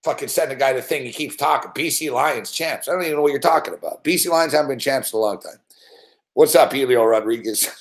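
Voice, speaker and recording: A man's voice: medium pitch, fast. A male host of a betting show, teasing his caller in profane casual chat.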